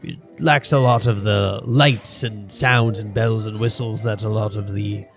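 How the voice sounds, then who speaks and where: A man voicing Titus, a male bartender who has spent years at sea, speaking in a halting, hesitant way. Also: on the low side, steady tone, vocal fry, faint music behind. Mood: calm.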